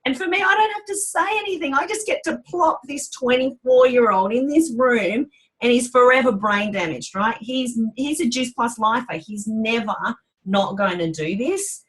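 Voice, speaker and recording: A woman leading a motivational team call. She talks fast and with a lot of enthusiasm, keeping the energy up as she hands the floor from one speaker to the next. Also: a little high, lively intonation, low-quality recording. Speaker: call host.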